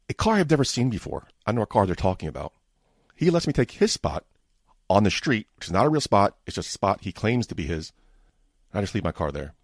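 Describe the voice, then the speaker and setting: Deep-voiced guy ranting on his podcast, swears a lot, dead dry mic. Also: no echo. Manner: frustrated, profane ranting. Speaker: podcast host. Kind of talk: casual storytelling monologue.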